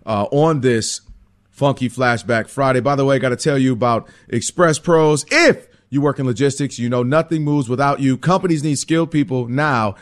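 A man hosting a sports radio show, talking in an animated, sing-song way and laughing often. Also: mid-range voice. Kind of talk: casual sports talk. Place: radio studio.

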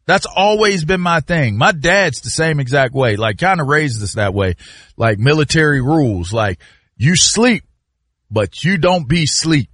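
Lively bright-voiced man telling stories. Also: on the high side, measured pace, dry recording, clean studio sound. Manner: animated storyteller, loud sudden shouts. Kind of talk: casual chat.

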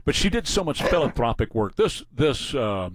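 A man's voice: mid-range voice, very animated, normal speed, dry recording. Male talk-radio host, chatty storyteller, close dry mic. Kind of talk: casual talk show chat.

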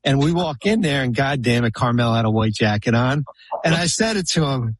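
A man with a husky, slightly rough voice recorded close and dry, with no room sound around him. He tells long anecdotes in casual chat on a podcast, doubling back and restarting his sentences as he goes. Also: mid-range voice, animated, brisk, no echo. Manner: rambling anecdotes full of restarts and fillers. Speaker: podcast guest, former basketball executive.

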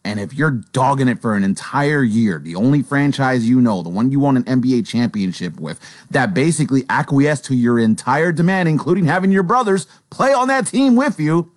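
A man's voice: medium pitch, animated, fairly quick, hardly any pauses, no echo, studio quality. A man co-hosting a sports talk show, giving blunt, strong opinions in a conversational way.

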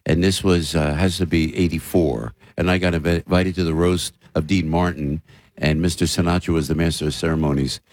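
Man, new jersey accent, middle-aged, animated storyteller, low voice, dry sound. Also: a little fast, no echo. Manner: animated storyteller, slips into impressions and shouts. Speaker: radio host and comedian guest. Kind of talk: casual interview chat.

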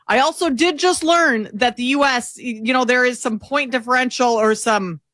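A woman's voice: high-pitched, normal speed, a bit bright, no echo. A woman co-hosting a talk show, chatting casually with frequent ums and a self-deprecating manner. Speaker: co-host.

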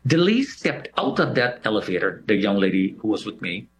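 Here a man recounts a personal memory in a brisk, fairly low voice. He's a lively storyteller who performs the voices of the people he quotes.

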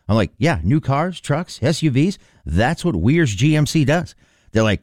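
A man's voice: medium pitch, big pitch swings, moderate pace, a little mellow, dry recording, clean studio sound. A man hosting a radio show, reading sponsor ads in a chatty, upbeat storytelling way. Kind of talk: host-read radio ad.

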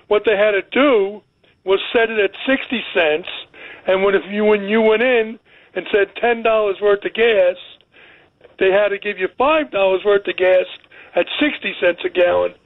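Male caller, high voice, dry tinny phone line, earnest storyteller. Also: dry recording. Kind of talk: call-in radio chat.

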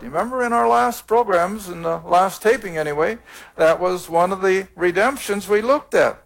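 A man with a high, gravelly voice teaches scripture for a taped program. He reads verses aloud and then explains them in plain, earnest words. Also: animated, normal speed. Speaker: Bible teacher. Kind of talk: televised Bible teaching.

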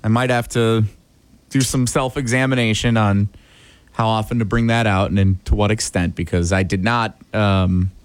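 A man's voice: on the low side, fairly even intonation, moderate pace, clean tone, no echo. A man chatting casually on a show, telling a rambling, self-deprecating story about his trip. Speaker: show regular back from a trip. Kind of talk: casual chat.

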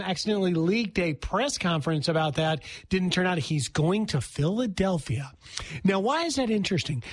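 High-voiced, chatty male radio host. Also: no room sound. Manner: quick, chatty and excited. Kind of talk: casual talk radio chat.

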